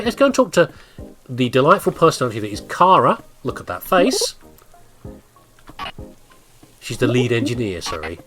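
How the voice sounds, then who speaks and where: A man hosting a gameplay video, chatting casually and rambling through his commentary with frequent laughs. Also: medium pitch. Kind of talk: casual let's-play commentary.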